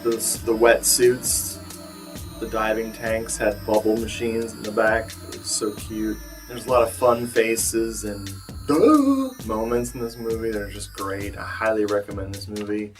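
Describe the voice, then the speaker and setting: A man's voice: fairly low pitch, unhurried, faint music behind. A man reviewing movies in a casual vlog, rambling and wry with lots of fillers, sounding tired. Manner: rambling, wry, self-deprecating. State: tired, a bit bloated. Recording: voice a little far from the mic.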